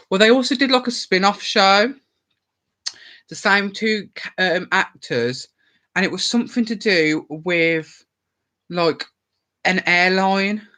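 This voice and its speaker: A man's voice: high-pitched, pushed and bright. A man rambling casually on a live stream, chatty and swearing freely.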